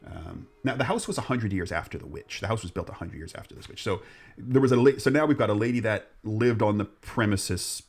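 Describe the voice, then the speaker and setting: Low husky guy rambling thru a ghost story on a podcast, joking around, lots of restarts. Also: fairly quick, a little mellow. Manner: rambling, jokey, restarts often. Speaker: podcast host. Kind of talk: casual storytelling chat.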